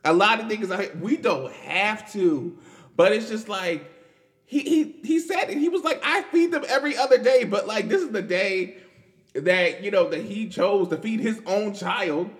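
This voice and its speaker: High, lively man laughing through commentary. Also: measured pace. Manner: animated, laughs often, repeats "girl" and "like". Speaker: podcast host. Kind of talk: casual commentary.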